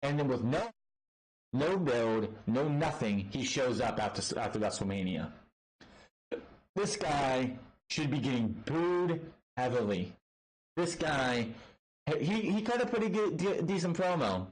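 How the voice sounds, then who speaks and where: A man's voice: medium pitch, sing-song, measured pace, poor audio. A man casually recapping and reviewing a wrestling show, blunt and rambling, swearing freely and restarting his sentences often.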